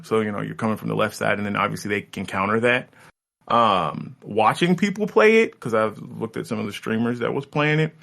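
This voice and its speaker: A congested man co-hosting a gaming podcast, rambling in a laid-back way with lots of pauses. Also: on the low side, vocal fry, a bit bright. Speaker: podcast co-host. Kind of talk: casual gaming chat.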